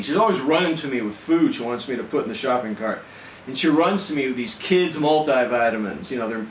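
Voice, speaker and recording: A middle-aged man vlogging a deadpan, rambling monologue to the camera, with lots of fillers. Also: mid-range voice, a little hiss or hum. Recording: echoey room, faint ambience.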